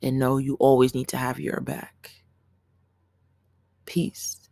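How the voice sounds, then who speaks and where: A woman's voice: very deep voice, monotone, normal speed, gravelly, warm tone, no echo. A young woman hosting her own podcast, talking earnestly and emotionally in a candid, profane solo monologue. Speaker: podcast host.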